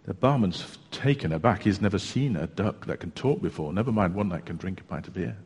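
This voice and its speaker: A preacher talks through a sermon in a relaxed, chatty way, pausing and restarting as he goes. His voice sits low and slightly husky. The sound carries a long reverb from the church hall. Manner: chatty, unhurried storytelling with hesitations. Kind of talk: sermon with a joke.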